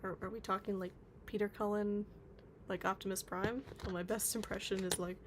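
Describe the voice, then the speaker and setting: A woman's voice: medium pitch, steady tone, moderate pace, slight background noise. A woman streaming live, chatting casually and reading out viewer comments, with lots of filler words. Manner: chatty, reads chat aloud, many fillers. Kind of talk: casual livestream chat.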